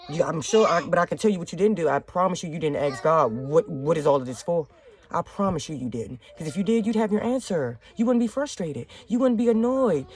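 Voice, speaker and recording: A young woman hosting a faith talk show from home, speaking bluntly with heavy cursing and a preachy edge. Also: mid-range voice. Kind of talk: casual monologue to viewers. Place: home with children nearby.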